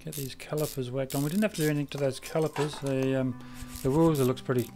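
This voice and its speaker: A man's voice: mid-range voice, fast, over music. A man from South Australia with an Australian accent, chatting casually while live streaming a car repair game and rambling a little. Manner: rambling, chatty, loses his train of thought. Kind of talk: casual gameplay commentary.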